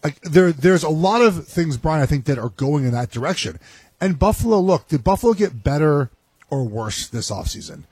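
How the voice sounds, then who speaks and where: Ex-nfl guy breaking down a game, husky voice, dry close sound, keeps saying right. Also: fairly high pitch, animated, normal speed, a little mellow, dry recording. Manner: rambling, keeps asking "right?". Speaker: former NFL player, analyst. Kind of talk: casual sports analysis.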